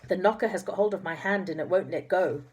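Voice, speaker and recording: A woman voicing a sweet fairy turned into a doll, who pleads softly and nervously. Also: lowish voice, fast, husky, dull audio. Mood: worried.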